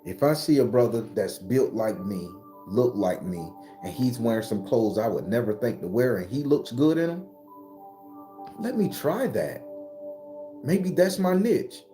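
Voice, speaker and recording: Animated profane man in his forties. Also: a little slow, soft background music. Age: 40s. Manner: animated, profane, preachy, rises to high excited pitch. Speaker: spiritual channel host. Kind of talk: casual motivational monologue.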